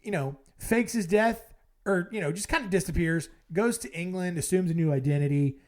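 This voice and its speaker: A man's voice: sits high, a little fast, darkish tone. A man hosting a podcast, recapping the episode in a rambling, wry way full of fillers. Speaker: podcast host.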